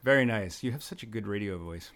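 A man's voice: fairly low pitch, expressive, fast talker, a bit bright. A young man hosting a podcast, laid-back and laughing often in casual chat. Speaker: podcast host.

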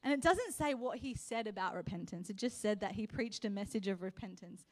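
A young woman preaching a sermon, telling a personal story and building to passionate, loud exhortation. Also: medium pitch, animated, brisk. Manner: impassioned, rising to loud exhortation.

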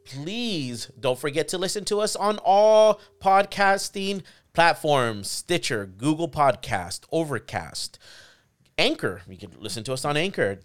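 A man hosting a casual podcast, opening the show with an upbeat, announcer-like delivery. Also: on the high side. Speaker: podcast host.

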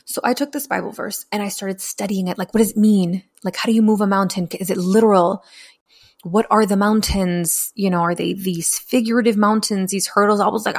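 A woman's voice: medium pitch, steady tone, a little fast. A young adult woman telling her own story candidly and bluntly, with profanity and acted-out quotes. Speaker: speaker sharing her story.

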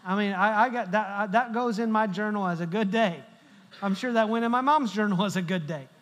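High-voiced man preaching in a reverberant hall. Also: a little fast, fairly bright tone. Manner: storytelling, joking with the congregation. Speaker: pastor. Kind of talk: humorous sermon. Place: large church hall.

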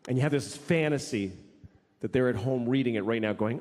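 A man's voice: mid-range voice, a little fast, darkish tone. A man doing stand-up comedy on a large stage, ranting in a profane, exasperated way. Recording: long hall reverb, faint noise.

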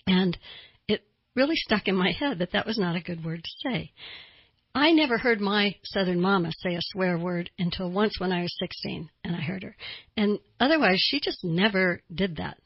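Older lady radio therapist, husky-ish, dry lo-fi audio, talks like she's telling you a story. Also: mid-range voice, lively intonation, moderate pace, dry recording. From American South. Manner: chatty, storytelling, laughs easily. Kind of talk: radio talk show monologue.

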